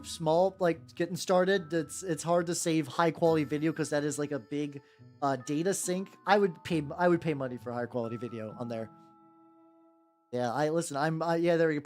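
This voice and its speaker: A woman hosting a casual live stream while painting miniatures, rambling and swearing freely, with soft music behind her. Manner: rambling, swears casually, quick pitch jumps when quoting people. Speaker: vtuber host painting miniatures. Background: soft background music.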